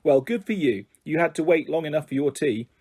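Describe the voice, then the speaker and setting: Man doing a gentle, anxious mum. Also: on the high side, expressive, a little fast, breathy edge. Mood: cheery. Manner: soft, coaxing, forced cheerfulness. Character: gentle anxious mother trying to cheer her daughter.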